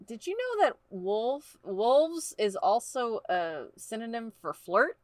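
A woman co-host chats and brainstorms in a playful, joking way. Her voice sits a little high and swings widely in pitch. It sounds dry and close, with no room around it. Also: dry recording. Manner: playful, animated, quick to joke. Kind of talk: casual brainstorming chat.

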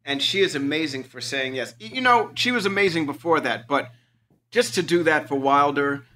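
This middle-aged man co-hosts a podcast and chats casually. His voice is fairly high and very bright, and he tells stories with excitable energy. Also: moderate pace, slight background noise. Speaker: podcast co-host. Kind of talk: casual chat.

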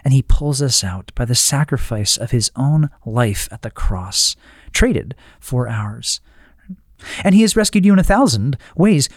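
A man's voice: on the high side, darkish tone, no room sound, clean studio sound. A man giving an earnest devotional teaching talk, often restarting phrases and checking in with "right?". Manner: earnest, with frequent restarts and tag questions. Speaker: Christian teacher.

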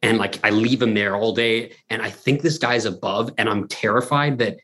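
Podcast co-host, male, slightly rough voice, chatty, restless, swears freely. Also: on the low side, normal speed. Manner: rambling, animated, lots of restarts and profanity. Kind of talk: casual podcast banter.

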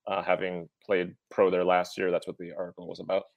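A man co-hosting a soccer podcast, talking in a halting, relaxed way with many fillers. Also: sits low, vocal fry, no room sound, muffled recording. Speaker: podcast co-host. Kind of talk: casual podcast chat.

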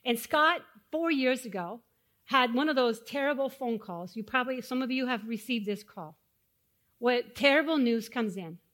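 A woman pastor giving a sermon, asking the congregation questions and dropping to hushed, solemn tones when telling stories of loss. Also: a little high, expressive, moderate pace. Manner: dynamic, swings from loud rhetorical questions to hushed solemn tones.

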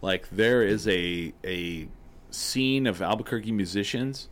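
A man's voice: lowish voice, measured pace. A man hosting a casual podcast conversation, laid-back and rambling with lots of fillers. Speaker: podcast host. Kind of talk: casual chat.

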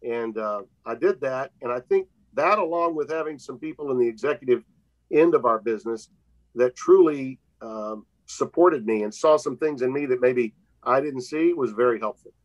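A man's voice: mid-range voice, normal speed. An older man from Louisiana, a sports broadcaster, telling stories from his career in a folksy, reflective way. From Louisiana, USA. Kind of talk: interview conversation. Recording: slightly dull lo-fi audio.

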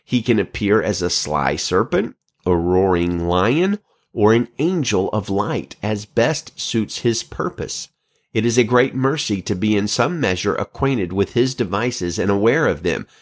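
A man hosting a podcast, reading scripture and an old letter aloud in a measured, earnest way with occasional stumbles. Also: on the low side, expressive. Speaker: podcast host.

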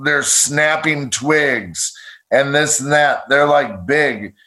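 A man's voice: medium pitch, slow, bright, forceful tone, low-quality recording. Podcast co-host, man, blunt and easygoing, casual chat. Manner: blunt, laid-back, says dude a lot.

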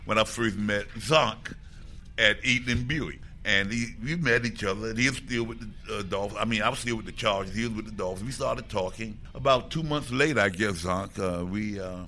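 An older man, a former football player, recalling his early career in a panel interview, with measured storytelling and the odd laugh. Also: on the low side, pushed and bright, a little hiss or hum. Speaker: former lineman, guest.

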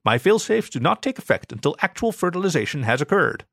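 A prim, precise alien transmogrifier gun, as a man puts it on, talking in stiff polite machine phrasing and lifting a little higher than his plain voice. the recording is dry and close, with no room sound at all. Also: very animated, fast, gravelly, fairly bright tone, no room sound, exaggerated voice. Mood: formal.

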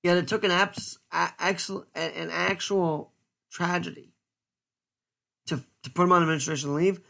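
A man giving an earnest, stern solo commentary as a podcast host, speaking deliberately with pauses. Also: high-pitched, fairly even intonation, vocal fry, bright, forceful tone.

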